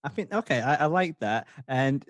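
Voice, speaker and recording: A man's voice: medium pitch, animated, normal speed, dry recording. A man hosting a casual podcast interview, laughing often as he asks questions. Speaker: podcast host.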